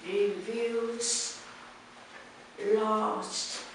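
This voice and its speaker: A woman student with a Vietnamese accent, speaking carefully and haltingly, word by word. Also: on the high side, flat delivery. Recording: echoey room, distant mic, faint noise.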